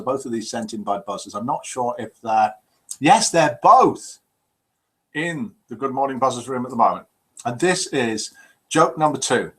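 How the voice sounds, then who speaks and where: Lively jokey host over fifty. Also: male voice, medium pitch. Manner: jokey, reads out viewer messages. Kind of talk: live call-in show banter.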